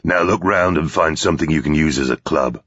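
A man's voice: a bass voice, fairly quick, a bit bright, husky, no echo, exaggerated voice. A man voicing a grim, determined man who gives firm, urgent orders. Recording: dull, slightly lo-fi recording.

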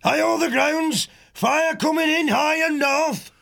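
A man's voice: extremely high pitch, a little slow, gravelly, pushed and bright, pitched above the performer's own voice, heavily acted. A man voicing a male wall sentry calling out urgent warnings. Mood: alarmed.

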